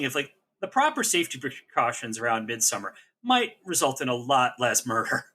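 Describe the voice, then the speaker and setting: A man's voice: mid-range voice, fairly quick, husky. A man co-hosting a TV recap podcast, talking in a rambling, joking, casual way. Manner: animated, rambling, joking asides. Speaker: podcast co-host.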